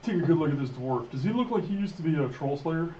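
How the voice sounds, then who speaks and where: A man's voice: fairly high pitch, expressive, fast, mellow. A man playing a tabletop game, chatting bluntly and swearing casually. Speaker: player. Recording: distant, roomy, lo-fi with hiss.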